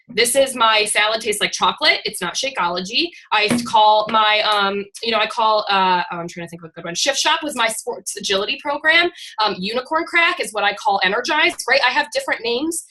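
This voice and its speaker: A woman's voice: on the high side, fairly quick, pushed and bright, low-quality recording. A woman coaching her fitness team on a video call, talking in a blunt, chatty, irreverent way with some casual swearing.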